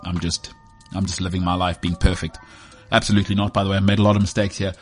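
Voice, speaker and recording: Faint music plays behind a deep, slightly rough male voice delivered flatly and quickly. He's a South African sports podcast host in his thirties, rambling through a joking monologue at his own expense.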